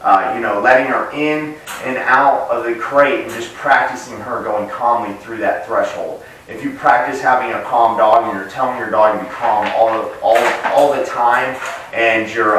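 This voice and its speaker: A man's voice: medium pitch, a little hiss or hum. Echoey dog trainer man, distant mic. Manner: relaxed, explains plainly with frequent "uh" and restarts. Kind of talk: casual instructional talk to camera. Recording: echoey room, voice picked up from a distance.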